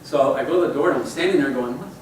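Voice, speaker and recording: A man's voice: medium pitch, racing, a little hiss or hum. A man in his forties giving a motivational talk to his company's staff, rambling and conversational, repeating phrases for emphasis. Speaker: company leader addressing staff. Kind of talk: motivational talk with personal stories. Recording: echoey room, voice far from mic.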